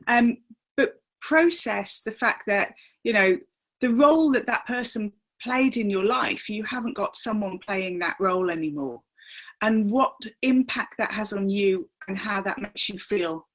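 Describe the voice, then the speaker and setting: A woman's voice: mid-range voice, lively intonation, unhurried, low-quality recording. A woman hosting a live advice webinar, chatty and loose, with fillers and laughs, speaking at her computer. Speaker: host and agony aunt.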